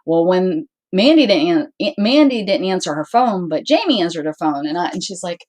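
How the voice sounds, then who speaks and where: With a medium-pitched voice at a normal pace, a woman hosts her channel and tells viewers a casual story. Her delivery is lively, full of voiced-out quotes from everyone involved, and rambling with frequent restarts.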